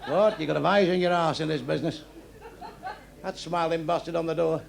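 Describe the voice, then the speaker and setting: A man's voice: on the high side, fairly even intonation, brisk, gravelly. An older man doing a crude, blunt stand-up routine on a nightclub stage, heckling his band between jokes. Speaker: stand-up comedian. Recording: live club show with loud crowd. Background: audience laughing.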